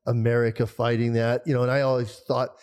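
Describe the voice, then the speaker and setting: A man's voice: medium pitch, flat delivery, quick pace, a little mellow, clear, resonant tone. A man in a casual discussion, talking earnestly and thinking aloud with fillers.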